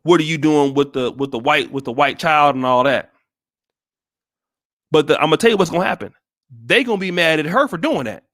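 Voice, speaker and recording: A man's voice: on the high side, animated, a little fast, pauses often, fairly bright tone, dry recording, studio quality. An American man giving blunt, profane commentary on a live stream, with many restarts. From United States. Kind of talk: casual livestream commentary.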